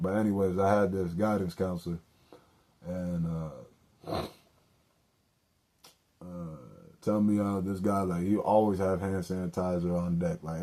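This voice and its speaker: A young podcast host with a low, warm voice tells loose, profane stories on his solo show. He jokes in asides and corrects himself as he goes.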